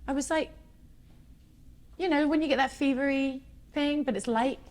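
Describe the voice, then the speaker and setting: A woman's voice: sits high, moderate pace. Chatty woman singer telling stories. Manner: chatty, animated storyteller who laughs often. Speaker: singer being interviewed. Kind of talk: casual chat.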